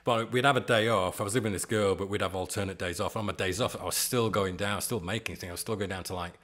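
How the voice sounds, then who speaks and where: A man's voice: low-pitched, steady tone, fast, a bit bright. A man in his forties, a podcast guest telling stories in a rambling, self-deprecating way with frequent chuckles. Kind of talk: casual storytelling chat.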